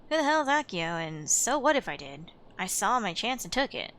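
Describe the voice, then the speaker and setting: Brief: sulky gruff thug read by a woman, bright-toned, game dialogue. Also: medium pitch, big pitch swings, moderate pace, a little hiss or hum. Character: surly male street thug, young adult.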